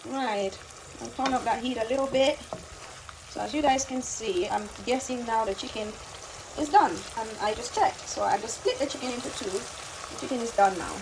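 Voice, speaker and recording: A chatty woman talks to camera as she cooks at home, often repeating herself and calling her viewers babe. Her voice sits a little high for a woman. Frying and sizzling are clearly audible behind her. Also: normal speed, noisy background. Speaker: cooking vlogger. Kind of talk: casual cooking chat to camera. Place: home kitchen.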